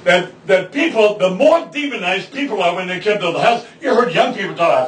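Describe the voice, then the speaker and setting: A man preaching with fervor in a church. His voice sits high and is heard from a distance in a roomy, echoing sanctuary, and he builds often to shouts. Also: animated, brisk. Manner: emphatic, rising to shouts, acting out quoted voices. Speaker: pastor. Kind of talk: preaching a sermon with congregation responses. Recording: echoey church from far off.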